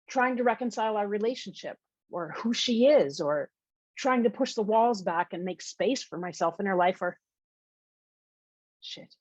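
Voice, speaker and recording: A woman, the author, reading her own novel aloud in a measured, intimate storytelling manner. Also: medium pitch, expressive, darkish tone, husky, no room sound, highs cut off.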